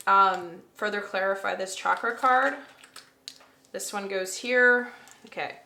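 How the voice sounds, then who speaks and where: A woman talks through a tarot spread to her camera in a loose, chatty way, thinking aloud and gushing now and then. Her voice is bright and sits in the middle for pitch. The room around her rings with noticeable echo. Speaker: tarot reader. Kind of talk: casual tarot reading to camera. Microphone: camera mic.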